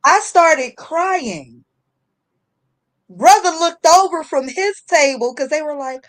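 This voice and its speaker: High-voiced woman telling a story. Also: slow. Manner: animated storyteller, acting out voices. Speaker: livestream guest. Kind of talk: casual storytelling chat.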